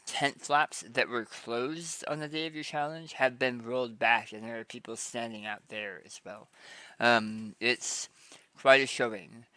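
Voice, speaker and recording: A man narrating as game master of a tabletop game in a relaxed way, with many ums and restarts. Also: medium pitch, no room sound.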